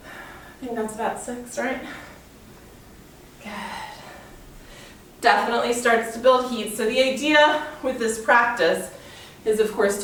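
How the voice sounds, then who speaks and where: Female fitness instructor, winded, counts reps and calls cues, distant mic in a very echoey room. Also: mid-range voice. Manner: counts reps aloud, cueing moves while exercising. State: out of breath. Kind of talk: guided workout instruction.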